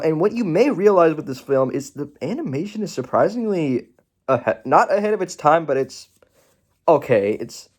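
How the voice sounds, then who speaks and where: Man with wildly swinging pitch. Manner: rambling, with self-corrections and asides. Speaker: movie reviewer. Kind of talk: casual video review.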